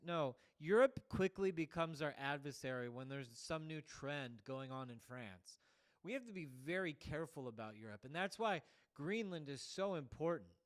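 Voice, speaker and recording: A man hosting a show, giving a rambling political monologue full of "like" fillers. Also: fairly high pitch. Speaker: show host.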